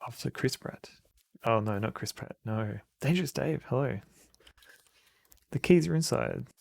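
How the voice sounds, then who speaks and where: An Australian man chats through a game stream, cracking jokes and reading dialogue aloud. His voice is mid-pitched with a gravelly edge. The sound is close and dry. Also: expressive, normal speed, darkish tone, no room sound. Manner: joking, reads game text aloud. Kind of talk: casual let's-play commentary.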